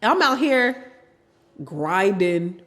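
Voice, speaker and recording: Animated middle-aged woman telling her story. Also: medium pitch, takes it slowly. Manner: animated, acts out quoted family members. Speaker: podcast guest. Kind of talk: candid personal storytelling.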